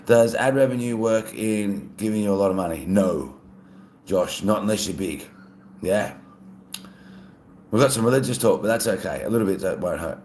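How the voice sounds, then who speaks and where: A man's voice: fairly low pitch, moderate pace, long pauses, reverberant, a little hiss or hum. A man with an Australian accent, chatting casually on a live stream and reading out viewer comments. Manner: relaxed, chatty, laughs often.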